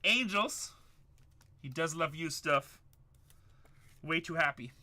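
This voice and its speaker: A man's voice: on the high side, animated, takes it slowly. A middle-aged man hosting a live card break, hyping up the chat and repeating his calls. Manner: hyped, shouts up to the chat, repeats lines.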